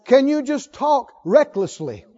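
Animated high-voiced male preacher. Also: measured pace, highs cut off. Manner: animated preaching with call-and-response. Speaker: pastor. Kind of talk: sermon.

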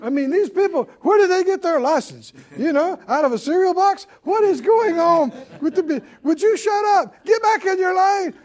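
Man acting out a griping fed-up guy, whiny, exasperated, high voice, swooping pitch. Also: lively intonation, fast, hardly any pauses. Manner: whiny, exasperated complaining, rising to shouting.

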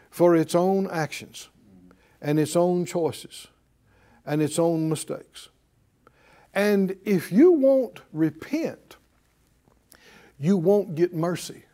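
A man's voice: high-pitched, dark tone. A man preaching a sermon, emphatic and repetitive, leading his congregation in spoken affirmations. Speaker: preacher and Bible teacher. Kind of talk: sermon with call-and-response.

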